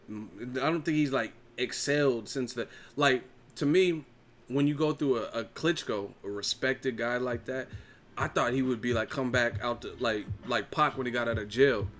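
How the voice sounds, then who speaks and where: A man hosting a boxing live stream, reading chat comments and mocking them in a casual, profane, animated way. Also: mid-range voice.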